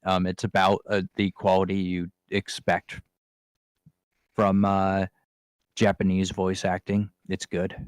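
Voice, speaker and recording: A man hosting a casual podcast chat, halting and searching for his words. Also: low voice, monotone, clean tone, no room sound.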